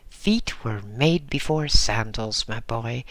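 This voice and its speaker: A man's voice: medium pitch, takes it slowly, a bit bright, dry recording. A man voicing a stern, stingy older male monk who scolds boys and then turns falsely sweet. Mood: scolding.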